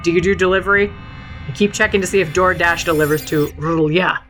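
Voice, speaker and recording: A woman voicing a vast ancient cosmic being who talks slowly and flatly. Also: on the low side, faint music behind, lightly acted. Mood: bored. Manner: slow, weary, deadpan.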